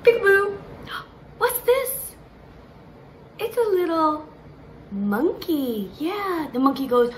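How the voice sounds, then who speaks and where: A young adult woman teaching toddlers in a slow, sing-song way, with exaggerated encouragement and lots of praise. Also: very high voice, big pitch swings, a little hiss or hum.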